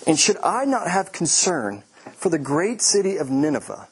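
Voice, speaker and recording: Male pastor, sermon with humorous asides, slightly raspy, expressive delivery. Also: a little high, moderate pace. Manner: animated, joking asides, acts out quoted lines.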